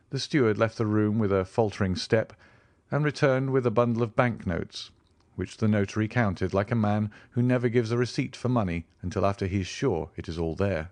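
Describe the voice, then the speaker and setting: A man reading a classic novel aloud as audiobook narrator, in a measured, expressive way. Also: low-pitched, no echo. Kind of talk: scripted narration.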